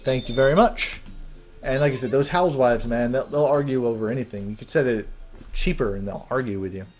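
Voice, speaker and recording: A man's voice: medium pitch, fairly even intonation, fast talker, a little mellow. A man giving casual, jokey commentary while playing a video game, hyped up and chatty. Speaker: video game let's player.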